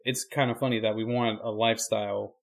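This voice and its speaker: A man's voice: fairly low pitch, brisk, gravelly, very noisy. Easygoing man with dry humor. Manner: easygoing, reflective, dry deadpan jokes. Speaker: podcast co-host, preacher. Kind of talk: casual chat.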